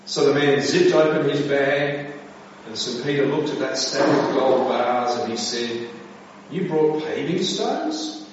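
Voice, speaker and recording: A man's voice: medium pitch, fairly even intonation, measured pace, slight background noise. A man preaching to a congregation, telling a joke and asking the room questions. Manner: storytelling, asks the congregation questions. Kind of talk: sermon with a joke. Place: church hall. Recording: distant echoey hall, dull sound.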